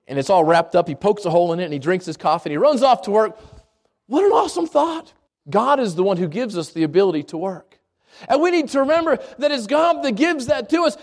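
Male preacher, very high voice, lively storyteller who restarts his phrases often. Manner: animated storytelling with repeated restarts. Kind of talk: sermon.

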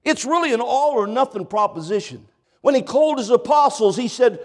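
A man's voice: extremely high pitch, animated, normal speed, darkish tone. A middle-aged man preaching a sermon, telling stories with quoted dialogue and repeating questions to drive home his point.

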